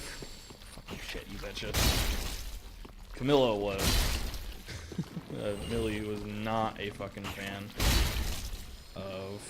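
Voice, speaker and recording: A man's voice: lowish voice, creaky, very noisy. A young man giving casual live gameplay commentary, joking at himself and swearing often. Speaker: streamer.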